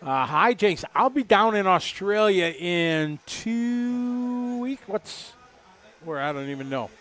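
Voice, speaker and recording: A man in his fifties chats his way through race commentary, his voice sitting a little high. He rambles and jokes easily, relaxed and friendly with his co-host. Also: takes it slowly. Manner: chatty, rambling, jokey. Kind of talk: casual live commentary chat.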